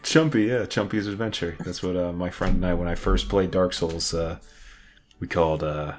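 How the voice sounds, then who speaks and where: A man's voice: low voice, fairly even intonation, normal speed. A man co-hosting a casual gaming podcast, rambling and laughing, swearing freely. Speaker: podcast co-host.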